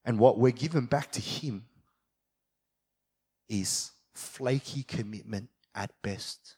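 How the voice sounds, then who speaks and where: A young adult man preaching a sermon as a pastor, moving from quiet reflection to fired-up passion. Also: medium pitch, takes it slowly, breathy edge.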